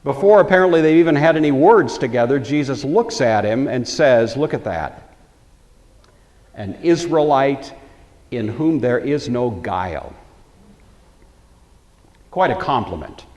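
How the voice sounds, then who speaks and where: A man's voice: mid-range voice, animated, a little slow, long pauses, darkish tone, big-room sound. A man teaching a Bible lecture in a conversational storytelling way, acting out the quoted lines.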